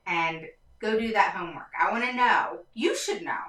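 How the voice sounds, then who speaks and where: This livestream host for parents speaks with a medium-pitched, fairly bright voice, lively intonation, and normal speed. Passionate and emphatic, she repeats points, uses plenty of fillers, and rises and falls with frustration, all captured by a distant mic with reverb and poor audio.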